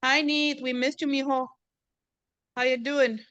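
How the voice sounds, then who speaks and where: A woman's voice: sits high, little pitch movement, a little slow, fairly bright tone, no room sound, highs cut off. A woman who grew up on the border, hosting an author event in a room, chatting casually and joking with the audience while switching between English and Spanish. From US-Mexico border region. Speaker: event host and professor.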